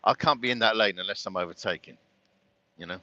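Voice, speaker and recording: Rambly london guy chatting while he drives, lowish voice, kinda dull lo-fi audio. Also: quick pace, sharp tone. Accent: London English. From London, England. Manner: rambling, chatty, laughs often. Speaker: vlogger. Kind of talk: casual chat while driving.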